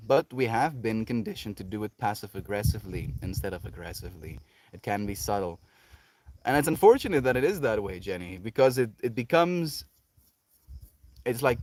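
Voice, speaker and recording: Laid-back man chatting with his stream. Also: no room sound. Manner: reflective, laughs often, drifts into soft low asides. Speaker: livestreamer. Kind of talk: casual livestream chat reading viewer comments.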